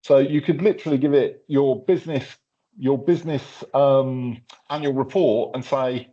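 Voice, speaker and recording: A man's voice: medium pitch, steady tone, moderate pace, dark tone. A man presenting a hands-on workshop, talking casually through a live tech demo with lots of fillers and restarts. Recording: slightly dull lo-fi sound.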